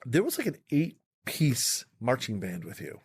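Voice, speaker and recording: A man hosting a comedy podcast, bantering playfully in a quick, jokey way. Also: medium pitch, wildly swooping pitch, gravelly, husky, no room sound, studio quality. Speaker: podcast host.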